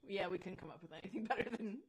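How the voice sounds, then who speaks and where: A woman's voice: mid-range voice, racing, crowd noise, rough recording. A young woman co-hosting a podcast, chatting candidly and expressively. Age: young adult. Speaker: podcast co-host. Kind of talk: casual chat.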